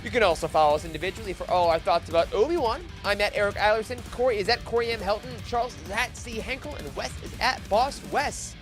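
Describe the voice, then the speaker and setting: A man's voice: high-pitched, fast, hardly any pauses, faint music behind. A man hosting a fan podcast, upbeat and enthusiastic as he chats and signs off the show. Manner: upbeat, enthusiastic sign-offs. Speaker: podcast host. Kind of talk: casual chat and show outro.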